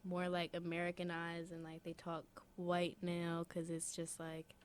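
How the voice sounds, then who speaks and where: Young female co-host, lowish voice, hesitant casual chat. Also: monotone, unhurried, slight background noise. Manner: hesitant, fills with "like". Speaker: podcast co-host.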